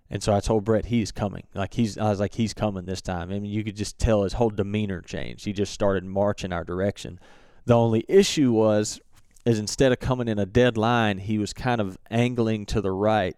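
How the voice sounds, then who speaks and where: A young man telling a hunting story in a relaxed, halting way with many fillers and restarts. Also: lowish voice, clear, resonant tone, dry recording, clean studio sound. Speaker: turkey hunter recounting a hunt. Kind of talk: casual storytelling.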